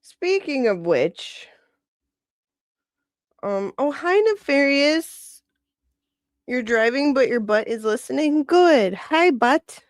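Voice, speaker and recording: A woman's voice: high voice, expressive, takes it slowly, long pauses, no room sound, studio quality. A woman hosting a livestream, chatting casually in a gossipy way and laughing often. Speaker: livestream host.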